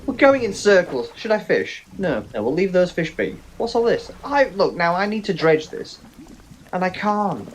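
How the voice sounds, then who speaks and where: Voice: mid-range voice, moderate pace, slight background noise. A let's play host giving casual, jokey gameplay commentary with lots of swearing. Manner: animated, swearing, joking asides.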